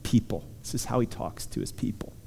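A man's voice: fairly quick, dark tone. A man preaching a sermon, earnestly reassuring his listeners and reading scripture aloud. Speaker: pastor. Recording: hall reverb.

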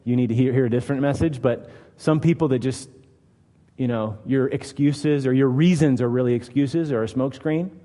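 A man's voice: medium pitch, warm tone. Man preaching in a reverberant hall. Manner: conversational, emphatic, acts out quoted lines. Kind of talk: expository sermon.

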